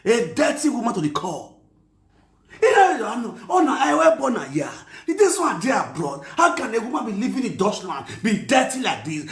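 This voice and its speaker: A Nigerian man with an Edo accent hosting an online talk show, ranting with insults, mocking chants and shouts. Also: high voice, echoey room. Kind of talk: ranting commentary.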